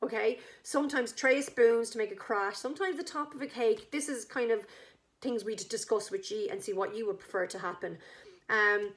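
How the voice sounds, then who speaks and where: An Irish woman chatting enthusiastically, pitching her wedding act to a couple and acting out the characters' lines. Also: moderate pace. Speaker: wedding entertainment business owner. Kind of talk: casual sales pitch to a couple.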